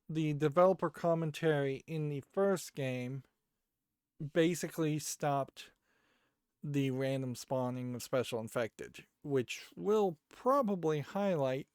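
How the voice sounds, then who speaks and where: A man's voice: medium pitch, darkish tone, smooth, no room sound, clean studio sound. A man hosting a let's play, thinking aloud as he plays, with hesitant restarts. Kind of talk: casual gameplay commentary.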